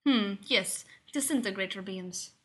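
A sly, gossipy male lab colleague, voiced by a woman narrating a story. He speaks with stiff, slightly formal phrasing, and his tone comes out bright and sharp. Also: medium pitch, unhurried, close to an everyday voice. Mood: teasing.

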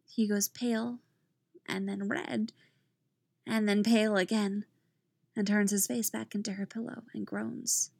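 Slow, calm woman reading a story. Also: mid-range voice, vocal fry, dry recording. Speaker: narrator. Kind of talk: reading fan fiction aloud.

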